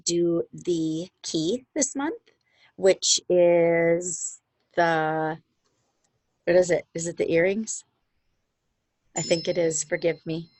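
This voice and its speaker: A woman's voice: lowish voice, darkish tone, no echo. Upbeat woman leading a sales call. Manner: upbeat, encouraging, chatty with asides. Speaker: sales team leader. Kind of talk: motivational team meeting on video call. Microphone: video call.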